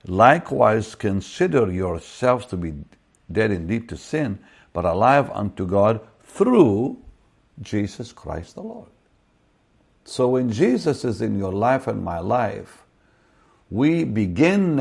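A man's voice: fairly low pitch, creaky. A man preaching an online Bible teaching, quoting scripture and talking in a conversational way with frequent restarts.

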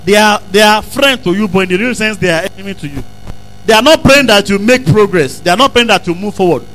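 A male preacher delivers a sermon in a strikingly high, bright voice. He drives points home by repeating lines and rising into shouts. The delivery is fervent and insistent. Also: lively intonation, fast talker, poor audio. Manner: emphatic preaching, repeats phrases, bursts into shouts. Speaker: pastor.

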